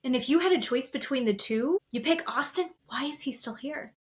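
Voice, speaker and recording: A woman's voice: sits high, lively intonation, fairly quick. A woman co-hosting a podcast, chatting casually and retelling reality TV scenes with lots of quoted asides. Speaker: podcast co-host. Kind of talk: casual chat. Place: office.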